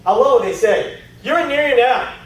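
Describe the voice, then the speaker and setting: A man giving an energetic, animated seminar talk to a room of people, acting out stories in voices. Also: very high voice, a little fast. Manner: animated storytelling with acted-out voices. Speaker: network marketing trainer. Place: large meeting room. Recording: echoey hall from far off.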